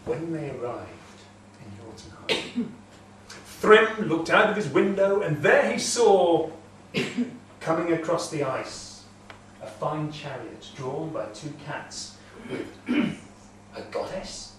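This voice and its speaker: Storyteller in an echoing hall. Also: male voice, a little high, big pitch swings, slow, long pauses, slight background noise. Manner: dramatic, swelling and hushing. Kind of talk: live oral storytelling. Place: castle great hall. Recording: echoey hall from far off.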